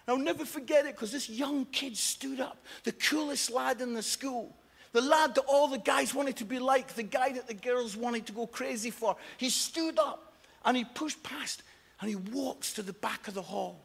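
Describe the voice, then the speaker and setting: A man delivers an animated, loud sermon in a large church, his voice high and bright with a gravelly edge. Long hall reverb trails behind every line. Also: normal speed. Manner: animated, loud, often laughing and shouting. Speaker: preacher. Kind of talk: lively sermon with comic stories.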